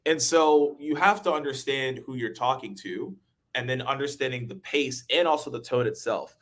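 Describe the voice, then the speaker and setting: A young adult man hosting a webinar, talking in an energetic, quick way and laughing easily. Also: medium pitch. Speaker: webinar host. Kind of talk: casual webinar chat.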